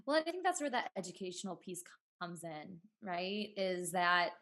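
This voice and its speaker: A woman and former teacher, a podcast guest talking in an earnest, casual way, often saying "you know" and laughing softly. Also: lowish voice, sing-song, normal speed. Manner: earnest, talks through ideas with frequent "you know" and soft laughs.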